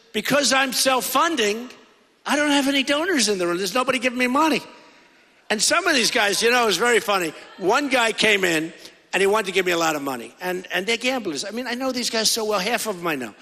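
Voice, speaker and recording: The long reverb of a large indoor rally hall surrounds a middle-aged political candidate with a high-pitched, pushed, bright voice. At a podium microphone, he delivers a rambling, repetitive campaign speech full of asides.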